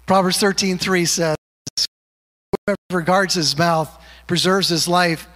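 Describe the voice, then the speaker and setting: Pastor, male, high voice, conversational sermon with light jokes and slow scripture reading, church hall reverb. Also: fairly bright tone. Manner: joking, conversational, slows to read scripture. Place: church sanctuary.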